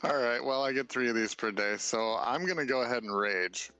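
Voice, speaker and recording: A man's voice: medium pitch, a little fast, bright, forceful tone, clear, resonant tone, no echo, low-quality recording. A man in a casual, joking way, playing his character in a tabletop game with friends. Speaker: player.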